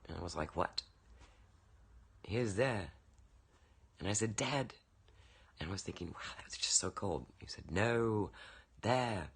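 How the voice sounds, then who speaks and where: A man's voice: sits low, expressive, fairly quick, vocal fry, a bit bright, breathy edge. A man recording a casual birthday video message for a friend, telling rambling anecdotes with lots of fillers into a webcam.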